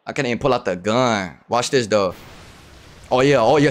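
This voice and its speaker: A young man streaming a game, ranting in a profane, casual way that swings from loud outbursts to low muttering. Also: very animated, normal speed. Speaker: livestreamer. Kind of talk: casual gameplay commentary.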